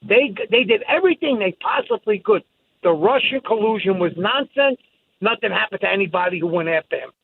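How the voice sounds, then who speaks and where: Excited male caller on a tinny phone line. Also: high-pitched, fairly quick, gravelly, husky, no room sound. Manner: excited, emphatic, opinionated. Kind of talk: call-in phone talk.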